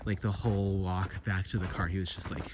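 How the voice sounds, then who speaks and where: A man with a somewhat low voice talks casually on an outdoor trail, wandering from thought to thought with plenty of fillers. Heavy outdoor noise runs loudly behind him. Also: flat delivery, brisk. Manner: rambling and chatty, with many fillers. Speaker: vlogger. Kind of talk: casual walk-and-talk vlog. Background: loud outdoor noise.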